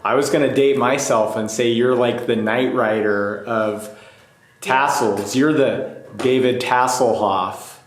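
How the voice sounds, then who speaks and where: A man co-hosting a craft show, cracking quick puns in casual banter. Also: mid-range voice, steady tone, roomy sound. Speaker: co-host.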